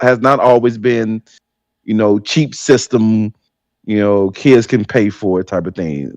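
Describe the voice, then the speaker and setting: A man's voice: medium pitch, a little mellow, no echo. A man co-hosting a casual gaming podcast, giving his opinion in stammering, incredulous bursts. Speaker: podcast co-host.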